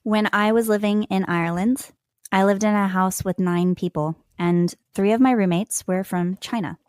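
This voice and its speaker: A woman in her thirties telling stories in an interview, animated and laughing often as she acts out what people said. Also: mid-range voice, moderate pace, smooth, no room sound, clean studio sound. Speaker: podcast guest, language learner. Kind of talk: conversational interview storytelling.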